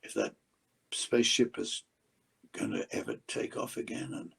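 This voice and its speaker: An older man, an actor being interviewed, telling behind-the-scenes stories and acting out quotes with sudden loud outbursts. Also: deep voice, wildly swooping pitch, normal speed, gravelly, husky, poor audio. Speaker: actor guest. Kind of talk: anecdotal interview storytelling.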